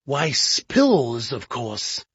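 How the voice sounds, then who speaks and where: An audiobook reader voicing a bored, sarcastic gentleman sidekick who speaks haltingly and drily. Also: mid-range voice, sing-song, slightly rough, no room sound. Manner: hesitant, halting, dry and sarcastic. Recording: dull lo-fi audiobook.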